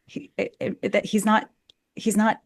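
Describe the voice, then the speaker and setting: A woman's voice: medium pitch, little pitch movement, a little slow, creaky, dry recording. A woman who acts and coaches, explaining verse with enthusiasm in a podcast interview and chanting beats to show rhythm. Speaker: actor and Shakespeare coach.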